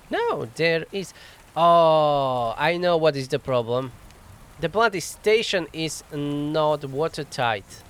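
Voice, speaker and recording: A man's voice: a little high, a bit bright, smooth. A man hosting a casual let's play, thinking aloud as he plays, chuckling often and mocking himself wryly on a desk microphone. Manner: thinks aloud while playing. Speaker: gaming channel host.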